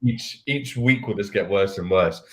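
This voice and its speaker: A man's voice: fairly low pitch, normal speed. A man from the UK, a podcast panelist, telling candid, rambling anecdotes with self-mocking asides in casual chat. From United Kingdom.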